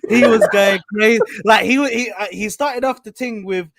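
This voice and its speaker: A man's voice: high-pitched, steady tone, moderate pace, crowd noise. A man, joking in casual banter on a football panel and laughing often. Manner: laughs often, says "bro" a lot. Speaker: panel guest.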